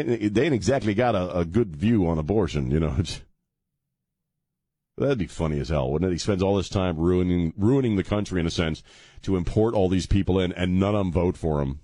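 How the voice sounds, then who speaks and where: A man's voice: low voice, mellow, no echo, studio quality. A man in his fifties hosting a talk radio show, joking sarcastically and rambling, sounding tired. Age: 50s. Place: radio studio.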